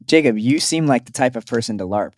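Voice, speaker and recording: A man's voice: medium pitch, expressive, fast talker, a little mellow. A young man co-hosting a podcast, teasing his friend and telling rambling stories. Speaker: podcast co-host. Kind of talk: casual chat.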